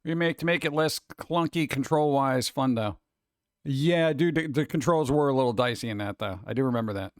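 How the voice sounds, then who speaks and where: A man's voice: medium pitch, a little fast, dry recording, clean studio sound. A man streaming live, chatting casually with his chat and ranting with rhetorical questions.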